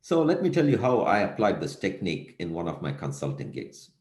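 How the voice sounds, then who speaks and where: Deep, animated male lecturer in an echoey room. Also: a little fast. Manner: storytelling with rhetorical questions. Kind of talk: recorded lecture.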